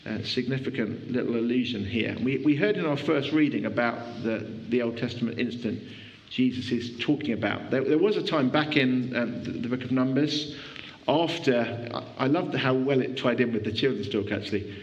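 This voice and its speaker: A man preaching a sermon in a church, conversational and animated, often restarting his sentences. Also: medium pitch, moderate pace, dull audio.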